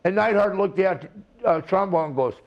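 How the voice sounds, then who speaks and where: A man's voice: high voice, lively intonation, moderate pace, creaky, dull audio. An older man, a retired wrestler, telling rambling stories with laughs and restarts in a casual interview.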